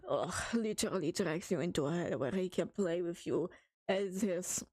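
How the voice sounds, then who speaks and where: A woman's voice: fairly high pitch, big pitch swings, slow pace, pauses often, husky. A woman streamer reading horror stories to her chat, joking, giggling and swearing a lot.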